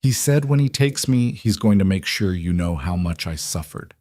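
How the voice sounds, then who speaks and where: A man's voice: sits low, animated, moderate pace, a little mellow, no echo, studio quality. A man voicing a frightened young woman doctor who speaks tensely in a storybook reading.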